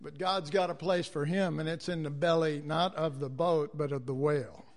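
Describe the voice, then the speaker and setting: A man's voice: on the high side, steady tone, normal speed. A man preaching a sermon, acting out quoted voices and calling for amens from the congregation.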